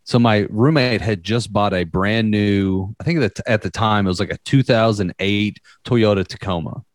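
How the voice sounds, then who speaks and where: A man's voice: lowish voice, moderate pace, dry recording, clean studio sound. A young man telling a story in casual chat, rambling and profane, with many fillers.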